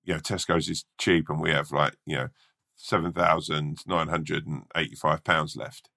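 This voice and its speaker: A man's voice: extremely low pitch, flat delivery, moderate pace, vocal fry, pushed and bright, full character voice. Brit guy doing a sweet young rat, earnest, amazed. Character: young male rat, naive and generous.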